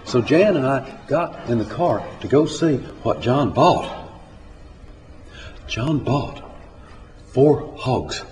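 Slow folksy man telling a story. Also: medium pitch, sing-song, slight background noise. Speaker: storyteller and poet. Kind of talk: live storytelling and poetry reading. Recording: echoey hall, from far off.

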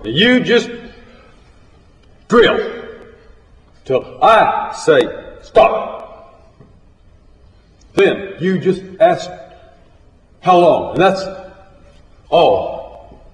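A man voicing a drunk, bullying male oil-rig foreman who yells and curses at his crew. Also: a little high, very animated, extremely slow, long pauses, far from the mic, pitched above the performer's own voice, exaggerated voice. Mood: angry ranting. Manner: yelling, profane, domineering. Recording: roomy hall with faint ambience.

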